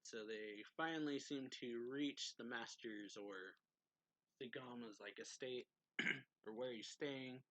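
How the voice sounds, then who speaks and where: A man's voice: mid-range voice, takes it slowly, bright, forceful tone, no echo, poor audio. A man casually retelling a manga chapter as a reviewer, with frequent laughs and "he's like" asides. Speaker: anime reviewer.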